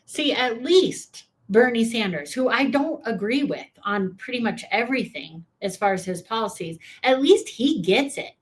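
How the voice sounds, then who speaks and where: A woman's voice: a little high, lively intonation, normal speed, few pauses. A woman hosting a reaction video, giving sarcastic, opinionated political commentary and talking straight to her viewers.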